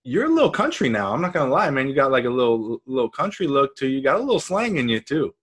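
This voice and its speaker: A man's voice: mid-range voice, lively intonation, fast, fairly bright tone, slightly rough. A man hosting a podcast, asking questions in a casual, joking way and teasing his guest. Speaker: podcast host. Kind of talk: casual interview chat.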